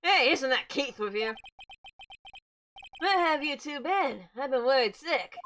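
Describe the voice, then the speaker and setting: A woman's voice: high voice, lively intonation, a little slow, a bit bright, a little hiss or hum, voice pushed up. A woman doing Maya, a stammering anxious girl. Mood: worried. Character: nervous cheerful young woman, stammering sidekick. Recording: game music behind. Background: game music.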